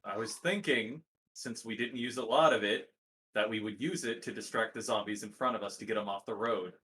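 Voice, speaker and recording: A man's voice: on the low side, a little fast, bright, forceful tone, slight background noise, rough recording. A man playing a character in a casual tabletop game, hesitant and thinking aloud. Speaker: player. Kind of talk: casual tabletop role-play.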